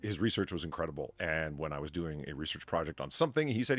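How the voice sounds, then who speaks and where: A man hosting a live stream, reading out donations and telling stories in a casual, animated way, swearing and laughing often. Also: very deep voice, racing, hardly any pauses, no room sound.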